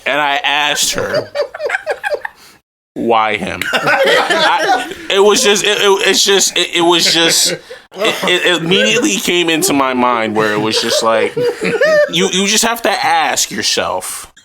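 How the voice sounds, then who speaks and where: A man's voice: sits high, huge pitch swings, unhurried, a loud crowd. A man co-hosting a podcast, joking in casual banter, mocking and emphatic, repeating himself for effect. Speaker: podcast co-host.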